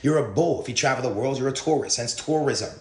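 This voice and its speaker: A man lectures earnestly, jumping from pun to pun in a rambling monologue. His voice sits at an ordinary pitch. The clip sounds roomy and echoey. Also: quick pace, noisy background. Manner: stream of puns, earnest lecturing. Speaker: conspiracy video speaker. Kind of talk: rambling word-association monologue. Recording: roomy clip played on stream.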